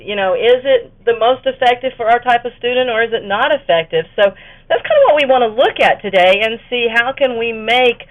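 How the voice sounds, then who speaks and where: A woman's voice: a little high, a bit bright. A woman presenting an instructional webinar to fellow educators, talking conversationally with fillers and the occasional self-correction. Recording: tinny phone-like webinar audio.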